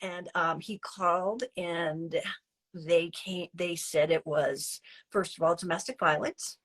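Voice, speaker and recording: Husky woman telling her story. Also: on the low side, takes it slowly. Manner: chatty and animated, many fillers and restarts, acting out her own past lines. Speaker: interview guest. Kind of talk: personal storytelling in an interview.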